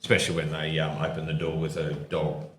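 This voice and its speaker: A man's voice: extremely low pitch, monotone, a little fast, reverberant, a crowd in the background. A man, a former police officer and podcast co-host, telling stories at a live show with a rambling, restarting manner. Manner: rambling, restarts, drops into quoted voices. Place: pub venue with live audience.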